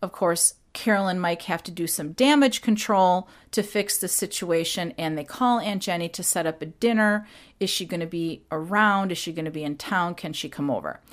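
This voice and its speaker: A woman hosting a podcast, retelling a story casually with animated, quick impressions. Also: fairly low pitch. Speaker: podcast host.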